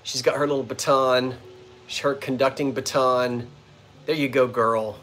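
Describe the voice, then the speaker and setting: There's slight background noise as a man delivers unhurried, flat-sounding speech in a medium pitch with a fairly bright tone. He hosts a vintage-goods live stream from an old bungalow's front porch at sunset, joking and chatting casually with viewers.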